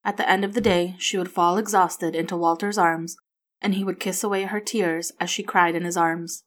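A woman narrating a story aloud in an even, steady manner. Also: lowish voice, normal speed.

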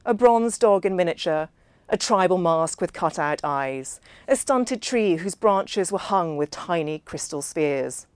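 A woman reads a first-person novel in a measured, understated way. Her voice sits on the low side, and the recording is dry and close. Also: lively intonation, clean tone, dry recording. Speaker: audiobook narrator.

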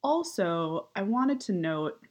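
A woman in her thirties, a writer and activist, talking casually with heavy vocal fry, upward inflection and many fillers. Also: mid-range voice, very animated, slow pace. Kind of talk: casual monologue.

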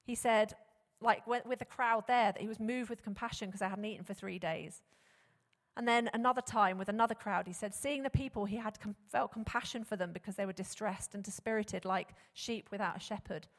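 A woman preaching a sermon, animated and conversational, often posing rhetorical questions to the congregation. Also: medium pitch, fairly quick. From England. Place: church hall. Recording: long hall reverb.

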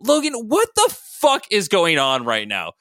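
A man voicing a brash young woman with a guitar who yells in exasperation. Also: medium pitch, big pitch swings, fast, dry recording. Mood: exasperated. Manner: loud, exasperated.

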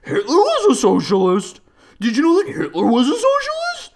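A podcaster mockingly imitating a smug, indignant alt-right man who lectures in a raised, louder voice. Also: high voice, huge pitch swings, moderate pace, noisy background, voice pushed up, exaggerated voice. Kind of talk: mocking impression in a podcast rant.

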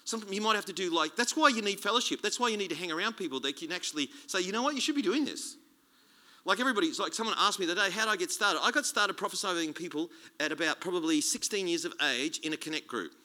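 A man preaching a sermon as a guest speaker, chatty and animated, joking and restarting his sentences. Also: high-pitched, fast talker, few pauses. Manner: animated, conversational, jokey preaching with many restarts.

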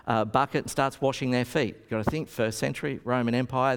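A man preaching a sermon, telling stories and acting out the quotes. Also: medium pitch. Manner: storytelling, animated, acts out quotes. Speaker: pastor. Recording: long reverb of a hall.

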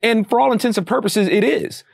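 A man talking about faith in a loose, animated, preacher-like way, with slang. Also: sits high, fairly quick, vocal fry, no echo, studio quality. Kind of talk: casual faith talk.

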